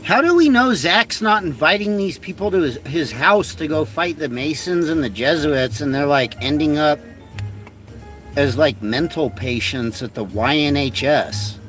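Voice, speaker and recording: Man host, higher voice, rambling profane satirical rant, off-mic with faint music behind. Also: expressive, measured pace, fairly bright tone, far from the mic. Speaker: livestream host.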